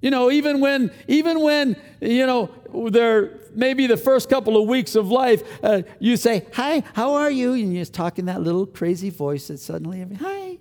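Older man, pastor preaching, earnest, swings from loud to hushed, high voice, long hall reverb. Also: steady tone, moderate pace, hardly any pauses. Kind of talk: sermon.

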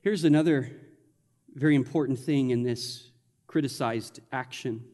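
A man preaching a sermon as a pastor, in a lively conversational manner with playful asides, in a church sanctuary. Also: mid-range voice, unhurried, big-room sound.

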